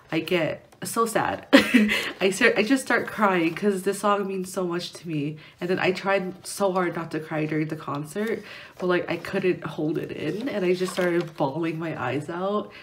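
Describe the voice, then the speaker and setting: A young woman talks slowly and a little low as she unboxes an album on her vlog, rambling, giggling and restarting her thoughts. There is a faint hiss behind her voice. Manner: rambling and giggly, many restarts and filler words. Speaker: vlogger. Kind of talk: casual chat while unboxing an album. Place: indoors at home near a window.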